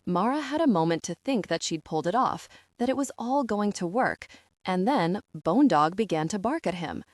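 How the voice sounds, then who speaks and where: A woman reading an audiobook as its narrator, expressive and voicing each character. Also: mid-range voice, moderate pace, dry recording, clean studio sound. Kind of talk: scripted narration.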